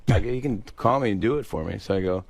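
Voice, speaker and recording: A man's voice: lowish voice, fast, creaky, dry recording. A young man, a comedian guest on a radio show, easygoing and agreeable as he tells a story. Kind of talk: casual interview.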